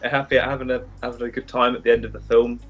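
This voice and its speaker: Halting man in a movie chat. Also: mid-range voice, level tone. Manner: halting, with many restarts. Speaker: co-host.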